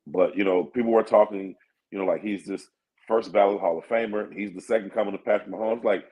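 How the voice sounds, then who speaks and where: A man's voice: on the low side, steady tone, a little fast, darkish tone, rough recording. A man co-hosting sports radio, laid-back and thinking aloud with plenty of fillers. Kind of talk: casual sports talk.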